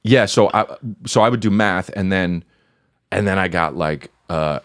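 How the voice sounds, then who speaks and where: Profane storytelling man, lowish voice. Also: unhurried. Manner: profane, rambling storytelling that acts out quoted voices. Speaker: podcast guest. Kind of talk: casual chat.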